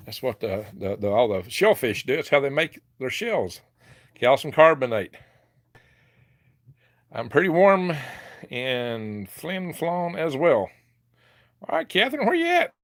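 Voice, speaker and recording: A man's voice: a little high, fairly bright tone. An older man with a Southern US accent hosting a casual live chat into a handheld phone, folksy and chuckling often. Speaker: livestream host.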